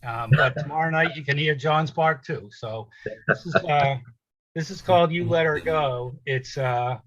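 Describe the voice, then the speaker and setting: A man's voice: on the high side, unhurried, a bit bright, rough recording. A musician chatting casually over a video call, introducing his song in a rambling way with lots of ums and uhs. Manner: rambling, filler-heavy. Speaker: musician performer. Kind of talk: casual chat.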